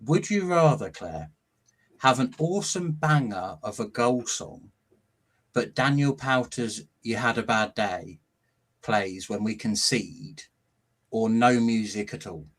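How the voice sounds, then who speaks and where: Chatty, laughing podcast host. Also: male voice, mid-range voice, animated, slow pace, poor audio. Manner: chatty, self-deprecating, laughs often. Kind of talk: casual podcast chat.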